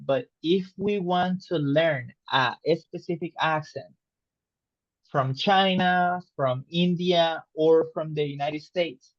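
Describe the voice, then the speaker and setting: A man teaching an online English lesson, explaining slowly and patiently and checking understanding with questions. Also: on the high side, dry recording, highs cut off. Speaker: English tutor.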